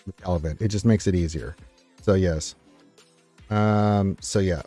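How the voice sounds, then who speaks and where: A man's voice: sits low, unhurried, dark tone, soft background music. A man hosting a casual live stream, reading viewer comments aloud in an upbeat, rambling way with many fillers.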